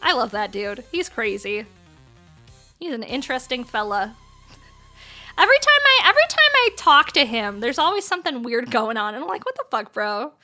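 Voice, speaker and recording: Bright, lively woman streamer. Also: sits high, normal speed, faint music behind. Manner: playful, swears freely, laughs often. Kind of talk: casual livestream chat.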